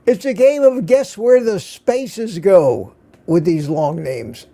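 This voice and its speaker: A man's voice: high voice, slow pace, dark tone. An older man hosting a casual live stream, greeting viewers by name one after another and chuckling often.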